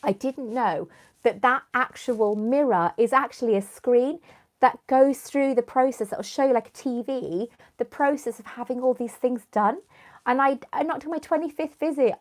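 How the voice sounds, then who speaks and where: A young woman, chatting casually on a live stream, rambling and answering viewers by name, with a runny nose. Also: sits high. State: runny nose, clearing her throat. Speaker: YouTuber hosting a live stream.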